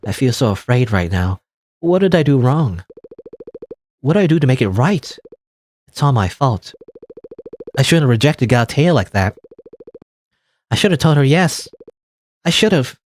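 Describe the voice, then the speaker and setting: A man's voice: medium pitch, very animated, normal speed, long pauses, slight background noise, close to an everyday voice. A man reading the lines of an earnest, polite young woman heroine in a game, apologetic and anxious.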